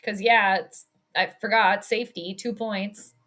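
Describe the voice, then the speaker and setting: A young adult woman hosting a live stream, giving rambling, excitable fan commentary on a football game and swearing at the calls. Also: mid-range voice, unhurried. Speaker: host.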